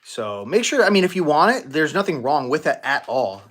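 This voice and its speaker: A man hosting a live-stream Q&A as a manifestation coach, talking casually with many restarts and fillers and thanking donors excitedly. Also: on the high side, moderate pace. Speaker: manifestation coach and livestream host. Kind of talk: live-stream Q&A, answering viewer questions.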